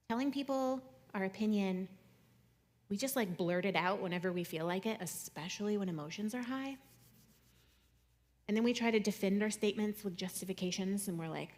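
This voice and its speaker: A young adult woman speaking to an audience in a conversational, jokey way, swinging between loud and soft. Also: mid-range voice, brisk. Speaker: speaker giving a talk.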